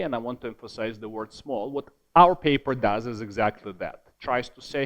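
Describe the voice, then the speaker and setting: A man delivering a conference keynote in an ordinary mid-range voice. He talks in a lively way, repeats words to drive a point home, and drops in wry, self-deprecating jokes. The tone stays that of an academic lecture. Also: medium pitch, moderate pace. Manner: lively, self-deprecating asides, emphatic repetition. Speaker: keynote speaker.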